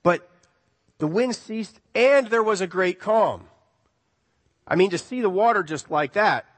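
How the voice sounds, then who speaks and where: A man preaching a sermon, animated, swinging between loud emphasis and hushed words. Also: high-pitched, a little slow. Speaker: pastor. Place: church sanctuary. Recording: long reverb of a hall.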